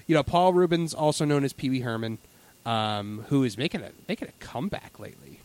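A man's voice: medium pitch, brisk, a little mellow, smooth. A man co-hosting a casual chat, rambling with many fillers and restarts. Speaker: podcast co-host.

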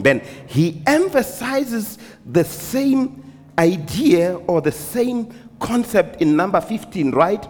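A man pastor preaching a sermon, calling out hallelujah and amen, swinging between shouted and hushed delivery. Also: a little high, sing-song, a little slow, big-room sound, faint music behind.

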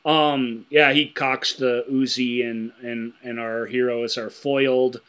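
A man's voice: medium pitch, flat delivery, slow, fairly bright tone, smooth. A man co-hosting a casual podcast chat, laughing as he retells a TV episode. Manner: laughing, storytelling. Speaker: podcast co-host.

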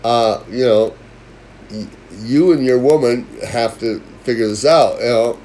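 A man in casual chat, telling a story in a profane way and growing loud and heated as he retells a confrontation. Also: medium pitch, unhurried, a little hiss or hum. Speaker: podcast co-host telling a story.

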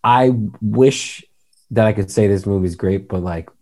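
A man's voice: on the low side, measured pace, darkish tone. A man co-hosting a podcast in casual chat, rambling and wry, often repeating himself. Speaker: podcast co-host.

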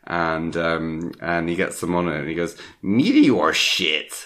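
A man with a very low voice chats through a film plot on a podcast. He wanders, pauses on ums, and slips into silly voices for the characters. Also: completely flat delivery, a bit bright. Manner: rambling, lots of ums, acts out characters' lines. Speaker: podcast co-host. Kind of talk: casual chat recapping a film.

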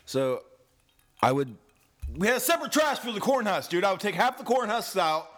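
Young male co-host, lively swinging pitch, crude laughing banter. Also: fairly quick. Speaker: podcast co-host. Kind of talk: casual chat.

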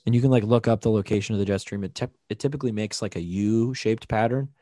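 Low, mellow man explaining casually. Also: fast, no room sound. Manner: explanatory, many fillers like "like" and "you know". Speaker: podcast co-host. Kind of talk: casual chat.

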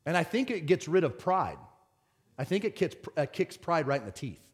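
Middle-aged male pastor, passionate sermon delivery, slightly high voice, veers from loud to hushed. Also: normal speed, breathy edge. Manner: swings from shouted excitement to quiet earnest talk.

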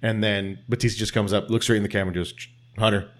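A man co-hosting a casual chat, talking quickly and swearing, with loud animated bursts. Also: on the low side. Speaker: podcast co-host. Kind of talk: casual chat about wrestling.

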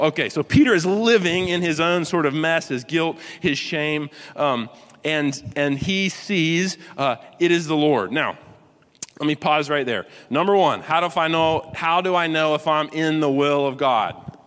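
Storytelling preacher in a reverberant hall. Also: male voice, fairly high pitch, a little slow. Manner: conversational storytelling preacher, acts out quotes softly. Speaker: pastor. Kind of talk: sermon.

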